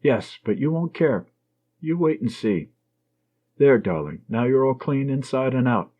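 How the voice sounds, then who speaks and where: In this tender audiobook passage, a man takes on the voice of an affectionate, teasing young female nurse. His husky, medium-pitched delivery is a little raised, moves lively up and down, and unfolds unhurriedly on a dull lo-fi recording.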